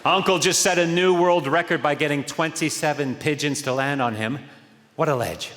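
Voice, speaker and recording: A man delivering deadpan, pun-driven one-liners on a theatre stage. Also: a little high, normal speed. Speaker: stand-up comedian. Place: large theatre stage before an audience. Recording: roomy live hall with loud noise.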